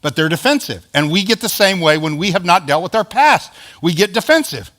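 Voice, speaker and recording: A man's voice: high voice, expressive, brisk, fairly bright tone. A male pastor preaching a sermon in a conversational, emphatic way, acting out quoted lines.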